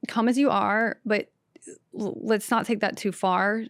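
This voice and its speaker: A woman's voice: medium pitch, fairly even intonation, unhurried, dry recording, studio quality. Sassy Southern woman ranting solo. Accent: light Southern American. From American South. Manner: brash, sassy, self-mocking rants. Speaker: podcast host and stand-up comedian. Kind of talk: solo comedic monologue. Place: podcast studio.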